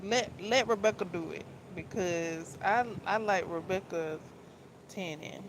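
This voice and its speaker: Woman rambling slowly on her book vlog, repeats stuff, laughs a lot, bit of faint background noise. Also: fairly low pitch. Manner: rambling, repeats herself, restarts phrases; animated, laughs often. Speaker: book vlogger. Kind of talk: casual chat.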